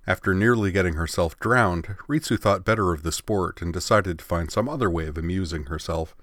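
A man with a very low, deep voice reads a story aloud in a measured, expressive way. The sound is close and dry, with no room around it. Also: no echo. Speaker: narrator. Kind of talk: storybook narration.

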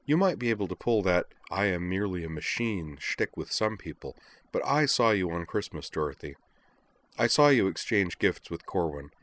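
A man voicing an angry young woman who scolds and confronts her friend, raising pitch for her lines. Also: expressive, normal speed, fairly bright tone. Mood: scolding. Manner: heated, scolding.

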